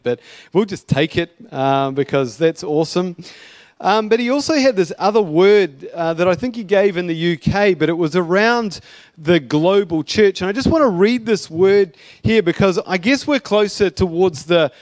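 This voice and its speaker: A man's voice: on the high side, no room sound. A male pastor preaching a sermon in a casual, chatty way, with asides and light humour.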